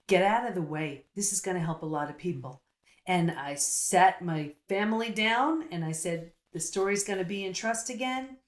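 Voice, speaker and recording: A middle-aged woman, a psychologist guest, telling her story in an earnest, casual interview manner. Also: lowish voice. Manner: earnest, storytelling, quick asides. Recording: roomy echo.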